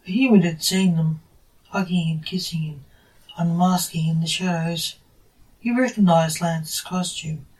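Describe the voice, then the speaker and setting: An amateur narrator reading a story aloud, plain and unhurried. The pace is slow, and the voice sounds set back from the microphone. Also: medium pitch, darkish tone. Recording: distant from the mic.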